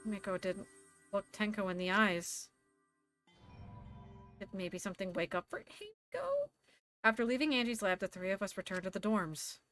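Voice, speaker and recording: A woman voicing a quiet, serious teenage boy detective, reading game lines and narration on stream. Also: lightly acted. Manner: subdued, measured, lowered. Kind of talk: game dialogue and narration read aloud. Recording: music playing behind.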